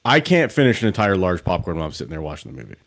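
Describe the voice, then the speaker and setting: Low-voiced exasperated man. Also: wildly swooping pitch, racing, gravelly. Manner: exasperated, complaining, swears a lot. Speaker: podcast co-host. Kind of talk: casual chat.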